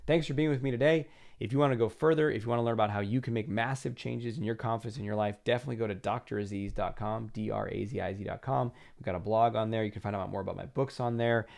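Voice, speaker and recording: This self-help podcast host has a fairly low, gravelly, slightly mellow voice, keeping a steady tone at a quick pace with few pauses. As a confidence coach, he earnestly addresses the listener and acts out inner voices in quotes.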